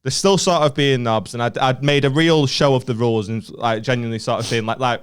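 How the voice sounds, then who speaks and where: Brisk and smooth with hardly any pauses, this mid-range male voice belongs to a young northern English comedian. He co-hosts a podcast, telling a story with lots of laughter and acted-out quotes in an animated, casual way.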